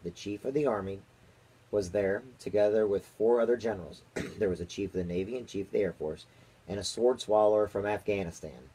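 Man, father, reading a children's book aloud, husky voice, steady storytelling, small slips. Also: fairly low pitch, low-quality recording. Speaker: father reading to his daughter.

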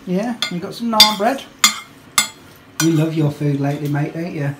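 A cheerful man in his thirties chats to camera through a family evening, laughing often and going sing-song when he talks to the kids. He sounds like he is filming himself at home on a handheld camera. There is a steady hiss of background noise, with kitchen clatter behind him. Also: on the high side, normal speed. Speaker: family vlogger. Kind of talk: casual home vlog. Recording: noisy home recording.

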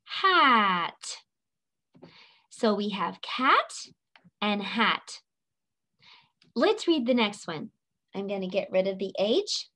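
A woman's voice: medium pitch, expressive, slow pace, long pauses, fairly bright tone. A woman teaching phonics to young children, patiently sounding out letters, repeating them and cheering the listener on. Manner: encouraging, playful sing-song prompts.

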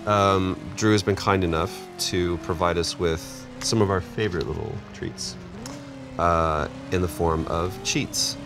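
A man's voice: low voice, lively intonation, unhurried, music in the background. A man in his forties co-hosting a casual video game chat, joking and teasing playfully. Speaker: co-host.

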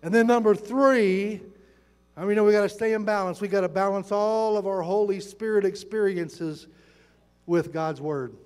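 A man in his sixties preaching a sermon, telling stories with lively acted-out quotes. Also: high voice, moderate pace, clear, resonant tone. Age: 60s. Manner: animated storytelling, acts out quotes. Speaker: pastor. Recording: long reverb in a large hall.

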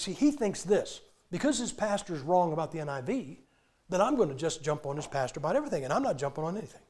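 A man preaching with a fairly high voice. He tells stories animatedly, acting out other people's lines and bursting into sudden shouts. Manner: animated storytelling, acting out quotes with sudden loud outbursts. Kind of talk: sermon.

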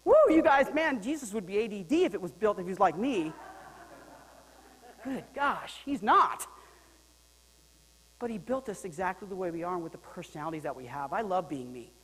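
A male pastor preaching a sermon in a lively, joking way, swinging between loud and quiet. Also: high-pitched, normal speed, long pauses, in a large hall, poor audio. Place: church sanctuary.

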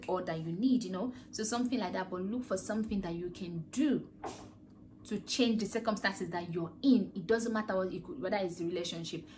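A woman hosts an earnest, rambling motivational talk, asking her listeners question after question. Her voice sits at a middle pitch. A faint background hum runs under her speech. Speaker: podcast host.

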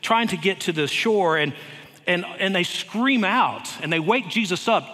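A man preaching a sermon in a church, earnest and unhurried, with light touches of humor. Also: sits high, animated, sharp tone. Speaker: head of school preaching. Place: church sanctuary. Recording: long reverb of a church hall.

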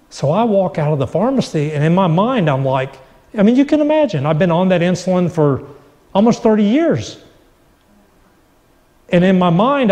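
A man's voice: on the high side, a little mellow, in a large hall. A middle-aged man sharing a personal faith testimony, acting out the dialogue as he tells it. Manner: storytelling, acts out quoted dialogue. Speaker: guest.

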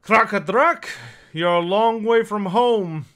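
A man voicing a blunt, pipe-smoking male dwarf foreman in a tabletop game, talking in a gruff, curt, folksy way. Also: high voice, takes it slowly, fairly bright tone, voice pushed up.

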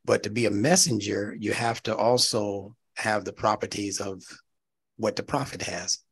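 Middle-aged man, husky gravelly voice, classroom lecture, animated and emphatic. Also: fairly low pitch, moderate pace. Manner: animated, teacherly, rising to emphatic peaks, checks with "right?". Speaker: instructor.

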